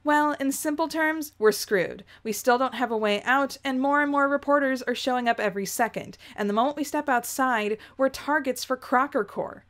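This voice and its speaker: A woman's voice: sits high, normal speed, hardly any pauses, fairly bright tone. A woman playing a worried young leader.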